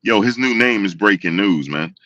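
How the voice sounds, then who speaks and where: Host type: low-voiced man, chatty and repetitive, dry close sound. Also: normal speed, dry recording, recorded from a distance, dull audio. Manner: animated, repetitive storytelling with quoted voices. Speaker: show host. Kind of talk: casual commentary to viewers.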